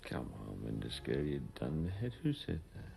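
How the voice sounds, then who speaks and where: An actor playing a man who rambles and mutters to himself in a slow, musing way in a TV drama. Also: very deep voice, wildly swooping pitch, gravelly, music in the background, full character voice. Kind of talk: TV drama acting.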